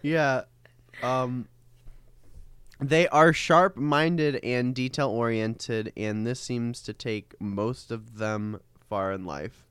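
A woman reading a horoscope aloud in casual chat, in a laid-back, halting way with fillers. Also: rumbling low, fairly even intonation, clean tone, no room sound.

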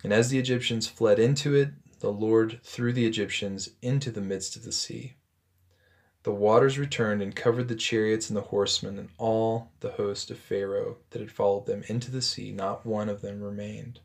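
A man reading a Bible passage aloud and stopping to explain it in a relaxed, conversational way, with frequent ums and self-corrections. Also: fairly low pitch, moderate pace, creaky. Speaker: Bible teacher. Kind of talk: scripture reading with commentary.

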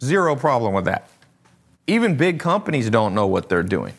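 A man hosts a loose livestream, coaching viewers in a blunt and animated way. He talks at a middle pitch, swears now and then, and laughs at his own jokes. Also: normal speed, husky. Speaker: livestream host, e-commerce coach. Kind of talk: casual livestream talk.

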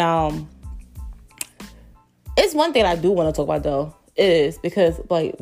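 A woman's voice: low-pitched, vocal fry, a little mellow. Blunt, profane young woman hosting a podcast. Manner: loose and rambling, lots of fillers. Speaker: podcast host. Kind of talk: casual monologue.

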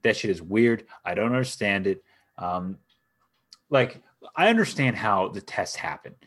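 A man with a low voice co-hosting a casual sports podcast. He talks in a laid-back, hesitant way, with lots of "um"s and an occasional curse. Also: animated, a little slow, a bit bright. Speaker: podcast co-host.

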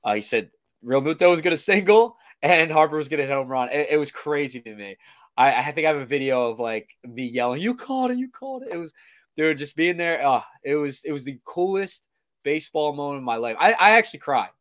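A young man chatting about baseball on a podcast, eager and quick to restart his sentences. He talks loosely, in an excitable, stammering rush. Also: a little high. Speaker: podcast co-host. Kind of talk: casual sports chat.

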